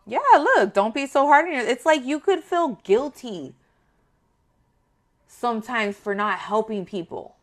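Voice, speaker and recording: A woman giving a casual tarot reading to her viewers, talking in a blunt, profane and animated way. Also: fairly high pitch, measured pace. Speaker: tarot reader.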